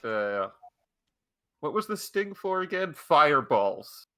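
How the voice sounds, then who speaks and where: A man playing in a tabletop game, joking and laughing as he goes. His voice has a bright, sharp edge. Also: on the high side, big pitch swings, takes it slowly. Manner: jokey, laughs often. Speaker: player. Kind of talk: casual tabletop role-play.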